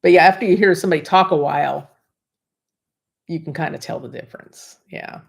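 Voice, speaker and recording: A woman's voice: lowish voice, brisk, creaky. An American woman co-hosting a live stream, chatting casually and laughing often while reading viewer comments. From United States. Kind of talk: casual chat.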